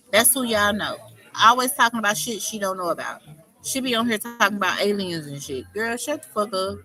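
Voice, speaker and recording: A woman hosting her own livestream, talking off the cuff in a confrontational, foul-mouthed scolding rant. Her voice is bright and sharp, sitting somewhat high. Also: poor audio. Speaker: livestream host.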